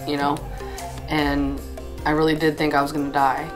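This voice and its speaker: A woman's voice: low-pitched, level tone, brisk. A woman casually telling a personal story about prayer and getting sober, loose and reflective, with many "like"s. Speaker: veteran telling her story. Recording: music playing under her voice.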